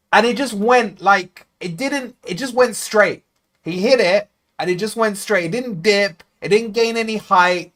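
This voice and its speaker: A man hosting a live football watchalong, talking casually and bluntly to his viewers and swinging between grumbling and loud cheering. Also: high voice, a little slow. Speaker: football fan channel host. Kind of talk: live match watchalong commentary.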